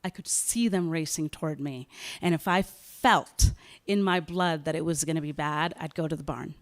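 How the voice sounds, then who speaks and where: A woman novelist tells a story at a live writers' event, animated and dramatic, acting out bits of dialogue. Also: low-pitched, normal speed.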